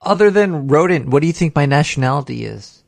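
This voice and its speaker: A man's voice: a little high, animated, a little fast, vocal fry. A man hosting a casual talk show, loose and joking, who swears freely. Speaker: podcast host. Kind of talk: casual chat.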